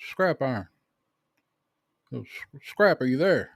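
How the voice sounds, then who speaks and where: A man's voice: mid-range voice, animated, vocal fry, dry recording. Man anchoring a parody newscast. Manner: announcer-like, deliberate. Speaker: news anchor host.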